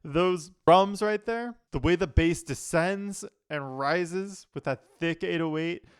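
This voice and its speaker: A man's voice: on the high side, slow, clean tone, dry recording, studio quality. A man, a music producer, giving an enthusiastic, analytical reaction to an album in casual talk, often leaning on "like" as a filler.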